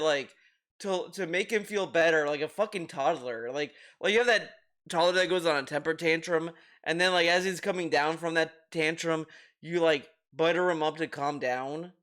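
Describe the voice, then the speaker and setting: A man's voice: a little high, normal speed, a bit bright. A man hosting a commentary video, reacting with rambling, restarting sentences, swearing and laughing.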